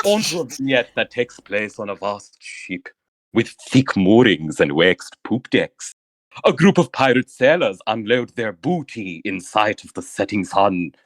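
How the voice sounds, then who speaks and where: Man doing a pompous romance author, theatrical, ornate, lively swooping pitch, dry close sound. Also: dry recording. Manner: grandiose, theatrical, ornate wording. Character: pompous flamboyant male romance novelist.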